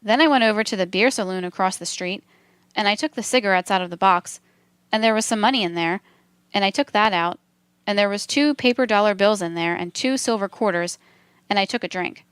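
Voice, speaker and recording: A woman reading a transcript aloud for a documentary in a measured, steady delivery. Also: medium pitch, clear, resonant tone, dry recording. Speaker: documentary reader.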